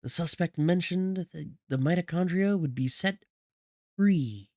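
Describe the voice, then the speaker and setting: A game streamer reading the lines of a young female police officer, with steady, matter-of-fact questioning. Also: medium pitch, a little slow, voice pushed up, lightly acted. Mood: businesslike.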